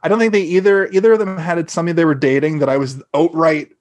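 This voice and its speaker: A young man with a fairly high voice chats loosely on a podcast, recapping an episode and swearing as he goes. He jumps into characters' lines with a quick raised voice. The sound is close and dry, with no room in it. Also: fairly even intonation, dry recording. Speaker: podcast co-host. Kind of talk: casual chat recapping a TV episode.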